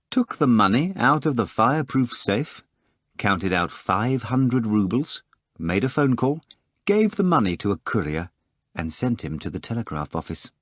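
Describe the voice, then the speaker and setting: A man reading an audiobook, with a lowish voice and animated, rolling intonation. He tells the story with clear expression on a close microphone, in a dry, dead sound. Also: dry recording. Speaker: audiobook narrator. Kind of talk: scripted audiobook narration.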